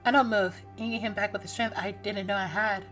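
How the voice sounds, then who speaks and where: A woman streamer reads a story game aloud in first person. Her voice is bright and forward, at a middle pitch. She is lively, often cutting herself off with startled exclamations. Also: a little fast, faint music behind. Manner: animated, breaks off with startled exclamations. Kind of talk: reading a game's text aloud.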